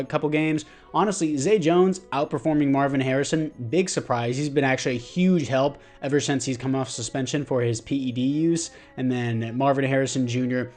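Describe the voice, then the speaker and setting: A man's voice: medium pitch, darkish tone. A young man giving casual commentary over his football video game, narrating the plays and blaming himself for his mistakes. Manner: frustrated outbursts at mistakes, self-blaming. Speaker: gaming YouTuber.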